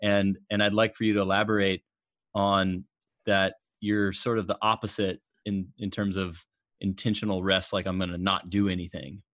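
A man with a low voice hosts an interview and reflects on what his guest says. He speaks in a thoughtful, halting way and often repeats words as he searches for them. The sound is dry, with no room echo. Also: little pitch movement, fairly bright tone. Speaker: host. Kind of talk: interview questions.

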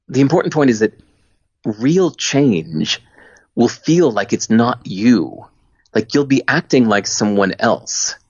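Lively, animated man in conversation. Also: medium pitch, no room sound. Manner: animated storyteller, expressive. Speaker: guest. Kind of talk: casual podcast conversation. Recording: dull lo-fi, dry sound.

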